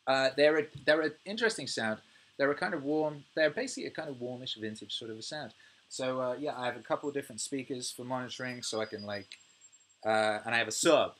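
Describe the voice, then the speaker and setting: A British man in his thirties hosting a casual livestream, reading viewer comments, swearing freely and ranting with animated energy. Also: mid-range voice, quick pace. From United Kingdom. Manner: swears freely, animated rants, laughs often. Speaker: music producer and livestream host.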